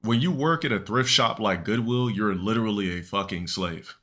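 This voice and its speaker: A man's voice: fairly low pitch, normal speed, pushed and bright. A young man streaming live, telling a long, rambling, profane story to his chat with many restarts and fillers.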